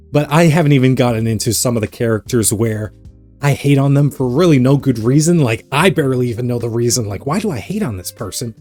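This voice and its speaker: A man giving a casual commentary vlog, ranting with sarcastic, animated energy. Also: medium pitch. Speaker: anime reaction youtuber.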